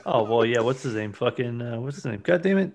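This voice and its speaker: Male co-host, gravelly, animated swings, profane ranter. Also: mid-range voice, fairly quick. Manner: profane, ranting. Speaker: podcast co-host. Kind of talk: casual chat.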